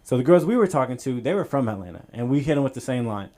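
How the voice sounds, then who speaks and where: A man's voice: mid-range voice, very animated, fast, few pauses, warm tone, a little hiss or hum. A man doing a stand-up set on a club stage, telling a story in a loose, rambling way with plenty of fillers. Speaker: stand-up comedian.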